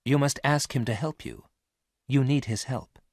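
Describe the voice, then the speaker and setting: A man voicing a calm male spaceship crewman who speaks quietly and evenly. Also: medium pitch, moderate pace, dry recording, studio quality, voice pushed up, natural voice. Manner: quiet, level.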